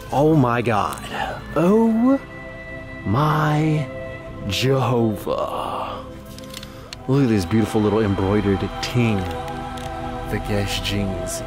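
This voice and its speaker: A young man vlogging as he hunts for vintage clothes, joking around, reacting to finds with sudden excited exclamations. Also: fairly low pitch. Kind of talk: casual running commentary while thrifting.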